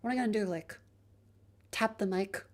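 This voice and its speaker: A woman's voice: medium pitch, moderate pace. Chatty woman streamer testing her mic. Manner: chatty, rambling, joking. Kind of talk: casual live-stream chat. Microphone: handheld mic moved around while testing.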